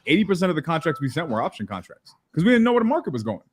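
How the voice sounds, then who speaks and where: A man's voice: on the high side, very animated, rapid-fire, husky. A real estate investor, a man, chatting casually over a video call in an eager, emphatic way. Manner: eager, emphatic, talks to the others as dude and bro. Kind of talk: casual chat.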